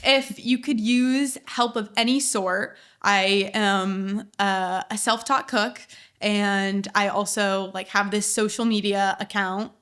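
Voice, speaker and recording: A woman's voice: medium pitch, steady tone, slow, a bit bright, clear, resonant tone. Chatty young woman telling a story. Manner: chatty storyteller, heavy use of "like", laughs often. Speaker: guest chef. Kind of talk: casual podcast interview.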